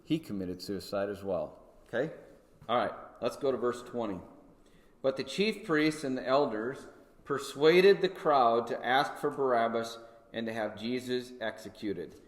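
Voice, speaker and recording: A man teaches a Sunday school Bible lesson in a relaxed, conversational way, often pausing to check in with his listeners. His voice sits at an ordinary middle pitch. It rings with a long reverb from a large church hall. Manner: conversational, checks in with listeners with frequent "okay?" and "right?". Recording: echoey hall.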